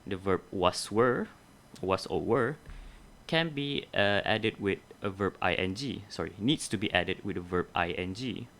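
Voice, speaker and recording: A man's voice: sits low, animated, a little slow, a bit bright. A young adult man teaching a grammar lesson, explaining methodically step by step and correcting himself along the way.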